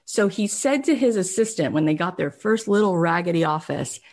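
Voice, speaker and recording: A woman host telling a long story in a chatty, casual monologue. Her voice sits a little low, and she fills her talk with "like" and "you know". She acts out the people she quotes as she goes. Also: lively intonation, moderate pace, a little mellow. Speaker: podcast host and coach.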